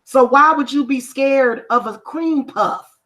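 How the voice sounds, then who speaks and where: Speaking slowly in a high, slightly bright voice, this woman, a spiritual reader who also casts spells, addresses her livestream audience casually but confrontationally, hammering home points through repetition.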